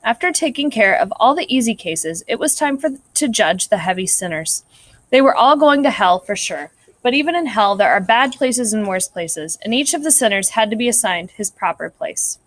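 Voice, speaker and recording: A woman narrating a story in a clear, measured read-aloud style. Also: mid-range voice, expressive, no echo.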